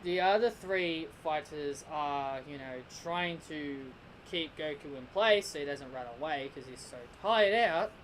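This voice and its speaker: A man's voice: fairly high pitch, unhurried, a bit bright, a little hiss or hum, poor audio. A man casually reviewing a cartoon episode, rambling and restarting his sentences. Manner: rambling, with many restarts and repeated "and".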